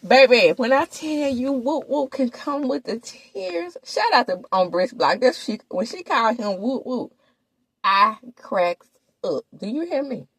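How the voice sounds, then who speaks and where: Sassy, lively woman gossip host. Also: a little high, a little slow, slightly rough, no echo. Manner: sassy, animated, talks straight to viewers. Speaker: gossip commentator. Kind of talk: casual reality TV recap.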